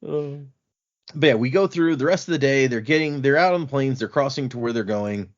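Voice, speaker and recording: A man hosting a podcast, chatting loosely as he recaps what happened in the chapters. His voice sits at an ordinary middle pitch. The recording sounds a little dull and lo-fi. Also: fairly quick. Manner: animated retelling, acting out quotes in passing. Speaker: podcast host recapping a book. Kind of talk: casual chat.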